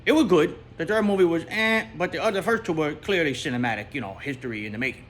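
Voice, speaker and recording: A man's voice: a little high, quick pace, fairly bright tone, pitched above the performer's own voice, natural voice. A man voicing a chatty New toy pup. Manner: rambling, repeats words, laughs at own jokes. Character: chatty male toy dog, jokey and rambling. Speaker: storyteller host. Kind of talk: comic storytelling monologue.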